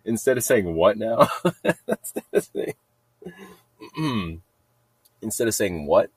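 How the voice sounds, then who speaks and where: A man's voice: on the low side, lively intonation, takes it slowly, slightly rough, dry recording. A middle-aged man telling a story in a rambling casual monologue, repeating himself and laughing at his own jokes. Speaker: podcast host telling a story.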